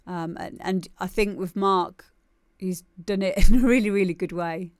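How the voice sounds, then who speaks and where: A woman's voice: mid-range voice, fairly even intonation, normal speed, smooth, no room sound, clean studio sound. A woman hosting a live music demo show, chatting casually and laughing often. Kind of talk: casual live-stream chat.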